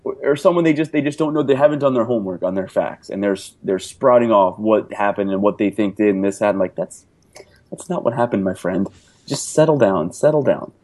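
Animated ranting man in casual chat. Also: on the low side, a little fast. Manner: animated, ranting, mocking quotes.

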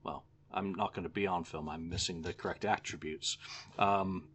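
A man's voice: sits low, steady tone, moderate pace, a bit bright. A middle-aged man with an English accent chatting casually, self-mocking and swearing now and then. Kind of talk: casual chat.

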